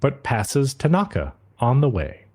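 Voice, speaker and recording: A man co-hosts a podcast and walks through an anime episode scene by scene in a casual recap. His pitch rises and falls a lot as he tells it, and he keeps slipping in quick quoted asides. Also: huge pitch swings, darkish tone, husky. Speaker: podcast co-host.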